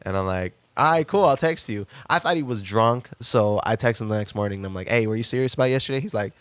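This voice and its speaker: A young man telling a story on a podcast, lively, leaping up in pitch when he acts out quotes. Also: fast talker, smooth, dry recording. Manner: animated, jumps pitch to act out quotes. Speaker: podcast guest, rapper. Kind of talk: casual storytelling.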